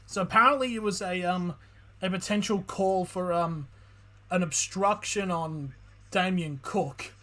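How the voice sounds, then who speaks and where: A man giving excitable live play-by-play reaction commentary as a streamer, swearing freely between calmer calls. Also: high voice, a little slow. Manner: excitable, swears a lot, shifts from calm calls to loud outbursts.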